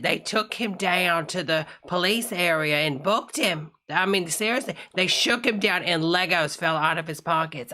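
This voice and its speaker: A woman's voice: on the low side, pushed and bright. A woman hosting a casual live stream, chatting with viewers and calling everyone honey.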